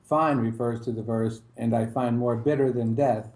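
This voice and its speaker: Man reading slowly in an echoey room. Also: medium pitch, steady tone, darkish tone. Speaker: class participant reading a text.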